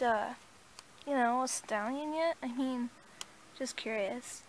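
High-voiced woman acting out a horse story. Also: slow, long pauses, a little hiss or hum. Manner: plays every part, with hesitant fillers. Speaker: toy horse story creator.

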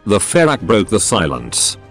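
A man's synthetic voice reading a first-person story in an even, matter-of-fact way. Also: lowish voice, measured pace, faint music behind.

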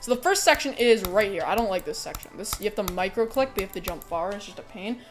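Talking through her run as she streams a game, a young woman chats casually in an animated, quick, mid-range voice over soft background music. Every so often she erupts into squealing protests and laughter.

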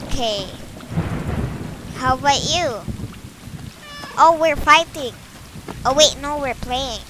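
A woman's voice: high-pitched, takes it slowly, sharp tone, a little hiss or hum. A woman hosting a gaming channel, gushing and exclaiming as she plays a game for the first time. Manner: gushing, exclaiming over cuteness. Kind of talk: first-time gameplay commentary. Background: game music with rain.

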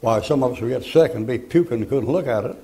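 A man's voice: medium pitch, fast talker, dark tone, low-quality recording. An older man preaching a fiery sermon in a folksy, blunt, emphatic way. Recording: archival sermon recording.

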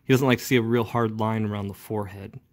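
Fast and steady, with a fairly low pitch, a comic book inker narrates as he works. His relaxed ink-along tutorial goes step by step, delivered casually and packed with fillers.

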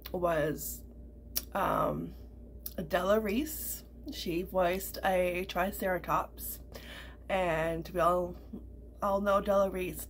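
A woman's voice: mid-range voice, a little hiss or hum. A middle-aged woman vlogger chatting casually, rambling with lots of fillers and repeats. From Canada. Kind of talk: casual chat.

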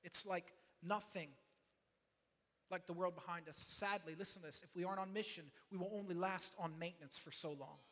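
A man's voice: sits high, steady tone, a little fast, big-room sound. A man preaching a sermon as pastor, earnest and pleading, often repeating and restarting his words. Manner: builds from quiet talk to passionate shouting.

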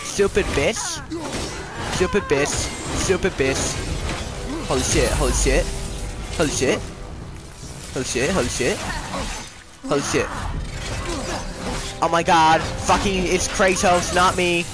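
Young guy losing it at a video game, high voice, slow drawn out swearing, game music behind. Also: poor audio. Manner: swears constantly, whiny, explosive outbursts. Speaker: gamer playing on camera. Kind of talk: raging gameplay commentary.

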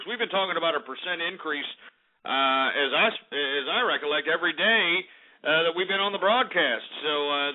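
Brief: abrasive, foul-mouthed man hosting talk radio, high-ish voice, phone-quality audio. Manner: abrasive, profane, sarcastic. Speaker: radio show host. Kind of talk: ranting talk radio commentary.

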